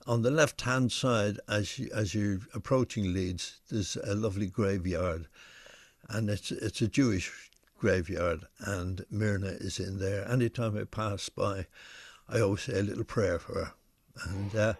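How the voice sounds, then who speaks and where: An older man, a singer co-hosting a live video show, chatting in a relaxed, reminiscing way with many fillers. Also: lowish voice, a little slow, no room sound, clean studio sound. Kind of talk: casual chat.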